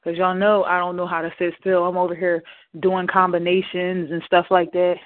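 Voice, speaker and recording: A breathless woman hosts a casual radio show, talking to her listeners in a lively, chatty way. Her voice comes through tinny and phone-like, with a dry, close sound. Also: lowish voice, normal speed, dry recording. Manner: animated, chatty, addresses listeners as y'all. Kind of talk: casual internet radio talk.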